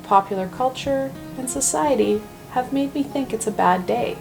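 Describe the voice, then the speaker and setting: Gentle woman giving a tarot reading. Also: high voice, moderate pace, gravelly, over music, rough recording. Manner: gentle, reassuring, chatty. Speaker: tarot reader. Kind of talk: weekly tarot reading vlog.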